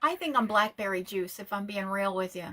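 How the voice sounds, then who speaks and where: A woman's voice: medium pitch, expressive, fairly quick, bright, forceful tone, a little hiss or hum. A woman who is a rabbi, chatting on a live call-in stream with blunt, sarcastic, profane remarks.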